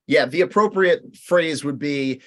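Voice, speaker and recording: A man's voice: a little high, animated, measured pace, fairly bright tone. A man co-hosting a live Q&A over a video call, chatting casually with many fillers and motivational asides. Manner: talkative, lots of "like", motivational. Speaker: co-host of live Q&A. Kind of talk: casual live-stream chat.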